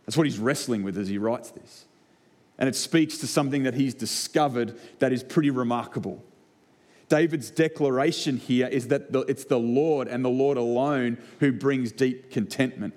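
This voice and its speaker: A man's voice: mid-range voice, normal speed, darkish tone. Aussie pastor guy giving a sermon, chatty storytelling, keeps repeating lines for effect. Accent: Australian. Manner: conversational, personal storytelling with repeated rhetorical lines. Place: church hall before a congregation.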